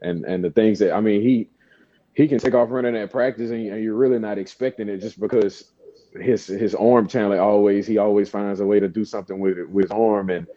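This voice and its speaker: Deep-voiced football player, halting. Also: male voice, steady tone, warm tone, no room sound. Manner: halting, many restarts. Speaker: football player in interview clip. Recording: dull clip played on air.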